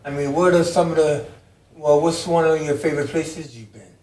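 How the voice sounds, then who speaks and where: A man hosting a podcast, asking questions in a casual, eager way and often chiming in with quick replies. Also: fairly high pitch, flat delivery, darkish tone, recorded from a distance. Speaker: podcast host. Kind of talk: casual conversation. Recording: echoey room, voice farther from mic.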